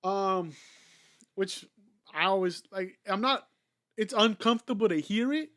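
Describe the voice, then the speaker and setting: Young male podcast host, slightly higher voice, loose rambling storyteller, swears a lot, casual banter. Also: no room sound, clean studio sound. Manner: rambling, profane storytelling full of "like". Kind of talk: casual chat.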